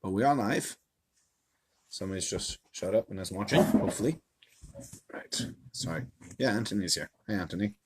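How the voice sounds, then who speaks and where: A man, a rabbi, teaching a live-streamed Torah lesson to a small audience in a room, in an animated, chatty storytelling manner. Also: on the low side, normal speed, pauses often, noisy background. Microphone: camera mic.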